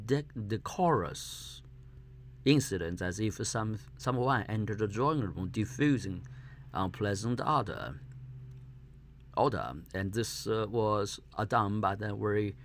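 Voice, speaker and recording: Gravelly, halting male reader. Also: on the low side, a little hiss or hum. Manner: halting, stumbles over words. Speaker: audiobook reader. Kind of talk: reading a classic novel aloud.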